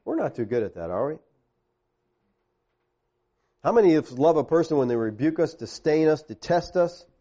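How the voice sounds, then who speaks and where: A male pastor preaching a sermon, talking straight to the men in the room and swinging from quiet, low passages to emphatic, raised ones. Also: highs cut off. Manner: direct, addresses the men in the congregation.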